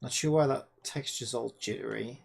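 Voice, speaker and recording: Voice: medium pitch, moderate pace, vocal fry, breathy edge. A game developer talking to themself while working, muttering and swearing in frustration at the screen. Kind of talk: casual self-talk while coding.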